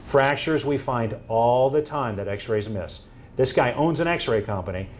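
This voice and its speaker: Man, medical presenter, anecdotal, middle pitch, faint background noise. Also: expressive, measured pace. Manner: anecdotal, acts out quoted exchanges. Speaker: doctor presenting to an audience.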